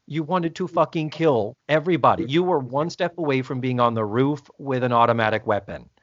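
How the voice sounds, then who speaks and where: Speaking briskly at medium pitch, the co-host runs through a TV episode recap, voicing the characters and cursing freely in easy conversation. There's no room sound, and the recording is dull, lo-fi and dry.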